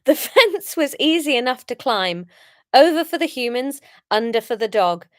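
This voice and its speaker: A woman with a high, bright-pitched voice reads her own story aloud to a live audience. She breaks off into chatty, giggly asides, and the sound is dry and close. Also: sing-song, moderate pace, no echo. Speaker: author reading her own book. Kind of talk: live-streamed reading with chat asides.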